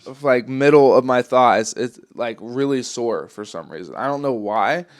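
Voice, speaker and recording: Young guy on a podcast rambling through a story, swears a ton, smooth clear voice, dry close sound. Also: mid-range voice, moderate pace, no echo. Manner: rambling, swears a lot, frequent ums. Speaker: podcast host. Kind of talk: casual storytelling.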